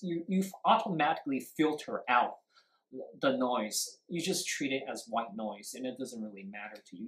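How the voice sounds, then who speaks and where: An emphatic speaking teacher in a live-streamed lesson on stress and intonation. They act out sample sentences to show where the pitch rises and falls. The voice has a middle pitch and sits in a noticeably echoey room. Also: fairly bright tone. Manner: switches briefly into Mandarin to explain. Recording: roomy echo.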